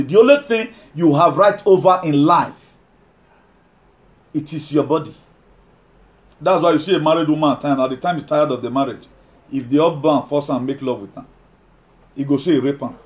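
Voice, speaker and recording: A man preaching a sermon, emphatic, repeating key lines and slowing down to read scripture. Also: on the high side.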